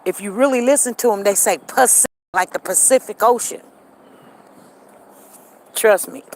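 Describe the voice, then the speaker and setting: A woman vlogging on an outdoor walk, telling stories in a chatty, animated way and talking straight to her viewers. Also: mid-range voice, moderate pace, a little hiss or hum, low-quality recording. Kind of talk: casual storytelling to viewers.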